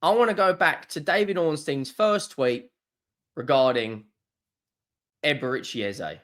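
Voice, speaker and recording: A young man ranting in a fan video, swearing often and swinging from low muttering to loud exasperated outbursts. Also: measured pace. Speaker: football fan vlogger.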